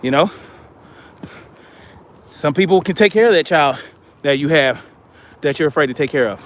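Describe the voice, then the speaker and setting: A man's voice: fairly high pitch, expressive, normal speed, a little hiss or hum. A man hosting a livestream, reading viewer comments aloud and answering them in casual chat. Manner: reads viewer comments aloud and responds conversationally.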